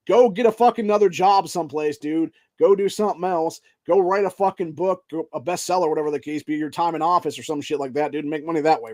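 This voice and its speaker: Male podcast host with a somewhat high voice, reading articles and then swearing through heated tirades. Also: fast, hardly any pauses. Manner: heavy profanity, keeps tacking "dude" onto sentences; angry, heated tirades between flat read-outs. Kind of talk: reading news articles aloud and ranting over them.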